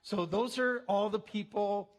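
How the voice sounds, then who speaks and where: A man giving a teaching talk on trauma, speaking in an earnest, conversational way and slowing down to read scripture aloud. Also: high voice, steady tone. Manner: slows down and leans in when quoting scripture.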